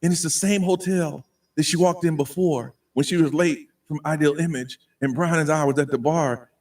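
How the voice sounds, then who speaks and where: A man hosting a radio morning show, telling a spooky story with animated shouted bits. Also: fairly high pitch, moderate pace, far from the mic. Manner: animated storyteller, jumps into shouted character voices.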